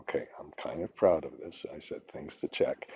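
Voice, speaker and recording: A man's voice: rumbling low, moderate pace, vocal fry, darkish tone, lo-fi sound. Rambling older man ranting in a tutorial. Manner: rambling, ranting, swears when annoyed. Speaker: instructor. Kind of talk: screen-recorded spreadsheet tutorial.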